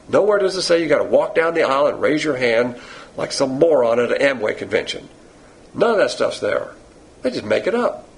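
Gravelly guy preaching, blunt and sarcastic, drags out the big points. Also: mid-range voice, rough recording. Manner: blunt, sarcastic, emphatic with slow stressed phrases. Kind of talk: sermon.

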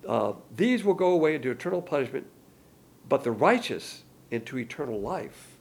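A man's voice: medium pitch, sing-song, normal speed, vocal fry, breathy edge. A man preaching a sermon, colloquial and emphatic, with slangy asides.

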